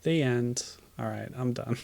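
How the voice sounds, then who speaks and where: Gravelly, wry man commentating a game. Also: medium pitch, slow, darkish tone. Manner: wry, dry jokes, chuckles at the game. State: tired, low energy. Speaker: streamer. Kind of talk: casual gameplay commentary.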